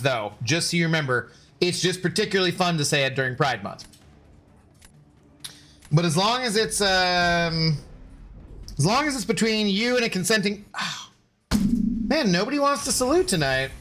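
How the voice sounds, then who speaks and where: A man's voice: high voice, fairly bright tone. A man live-streaming a game, joking and bantering as he answers his chat. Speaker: gaming streamer.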